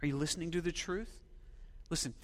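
High-voiced preaching man in a reverberant church. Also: a little fast. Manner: expressive preaching, rising to loud questions then dropping to near whispers. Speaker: pastor. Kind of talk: sermon.

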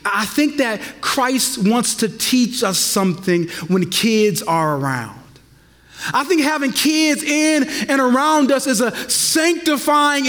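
A man with a very high-pitched voice preaches a sermon, swinging between loud, impassioned lines and soft, hushed ones. His voice rings out with the long reverb of a large hall, as in a church sanctuary. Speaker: pastor.

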